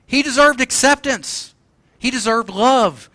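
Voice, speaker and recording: A man's voice: extremely high pitch, measured pace, sharp tone, no room sound, clean studio sound. A man preaching a sermon, passionate and emphatic, at times crying out the words he quotes. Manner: impassioned, crying out quoted lines. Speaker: pastor.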